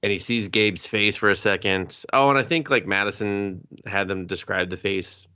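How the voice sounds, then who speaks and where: A man's voice: fairly low pitch, steady tone, normal speed, pushed and bright, clear, resonant tone, dry recording. A man co-hosting a casual movie podcast, recapping scenes with profane jokes and exaggerated voices for the characters. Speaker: podcast co-host.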